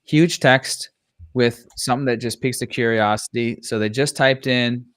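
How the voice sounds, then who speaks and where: A man's voice: mid-range voice, fairly even intonation, moderate pace, fairly bright tone. A man hosting a live stream, talking casually with hyped energy, slang and a lot of swearing. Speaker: host of a live listing audit.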